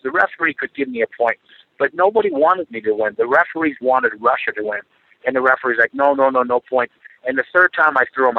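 The interview guest, a middle-aged former Olympic wrestler, has a creaky, medium-pitched voice on a dry, tinny phone recording. He speaks earnestly in a casual way, with many fillers and repetitions.

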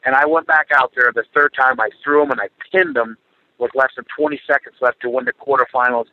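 A man's voice: medium pitch, fairly even intonation, fairly quick, no echo. A middle-aged man being interviewed, talking earnestly with lots of fillers and repetitions. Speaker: interview guest, former Olympic wrestler. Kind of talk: casual interview talk. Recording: dry tinny phone line.

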